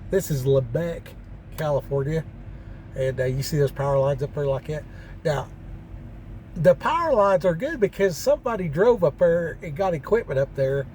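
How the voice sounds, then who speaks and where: Country trucker guy rambling stories from his cab, drawly, lots of uhs, voice a bit high, faint road noise behind. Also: expressive, moderate pace, darkish tone. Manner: rambling, folksy, with many fillers and restarts. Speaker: truck driver vlogger. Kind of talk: casual storytelling vlog. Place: truck cab parked on a mountain pass.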